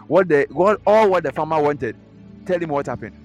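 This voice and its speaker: A man with a Ghanaian English accent preaching a lively sermon in church, acting out the voices of troubled believers. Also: fairly high pitch, moderate pace, soft background music. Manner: dramatic, acts out inner voices and congregants. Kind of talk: animated sermon.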